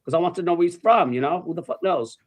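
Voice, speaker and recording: A New York man with a slightly high voice talks fast while casually telling an anecdote. He swears freely and acts out the people in his story.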